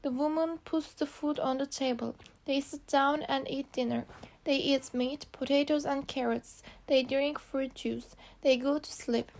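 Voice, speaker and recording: A woman with a high voice and a gravelly edge reads a storybook for language learners. She takes each short, simple sentence plainly and carefully, one at a time. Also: fairly even intonation, measured pace, a little mellow. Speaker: narrator. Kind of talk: graded reader narration for learners.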